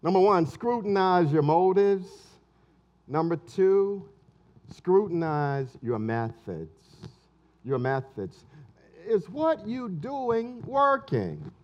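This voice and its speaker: A pastor preaches in an unhurried, emphatic way, circling back to repeat his key lines. His voice sits high for a man. The recording is muffled and dull. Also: sing-song. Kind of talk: sermon.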